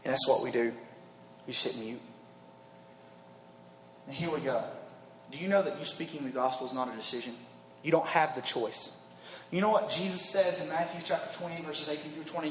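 A man preaching an emphatic youth sermon that repeats its points and builds to shouts. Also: a little high, normal speed, pauses often, echoey room, long reverb tail. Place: large hall with an audience.

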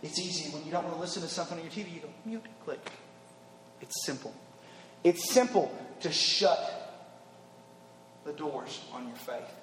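A man preaching an emphatic youth sermon that repeats its points and builds to shouts. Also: a little high, a little fast, roomy sound, big-room sound, slight background noise. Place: large hall with an audience.

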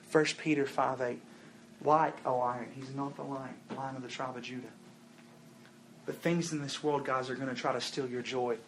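A man's voice: mid-range voice, slight background noise. A young man preaching a fervent sermon at a youth revival service, calling his listeners "guys.". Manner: fervent, calls the crowd "guys".

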